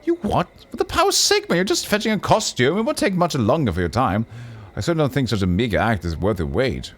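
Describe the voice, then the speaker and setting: A man voicing a fussy, pompous nobleman who talks in a shrill, indignant and haughty way. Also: huge pitch swings, fast talker.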